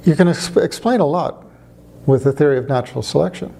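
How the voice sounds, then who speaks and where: A man's voice: fairly high pitch, brisk, creaky, warm tone. A man arguing his case in conversation, with rhetorical questions and wry storytelling. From United States. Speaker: speaker on religion. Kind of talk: conversational argument to camera.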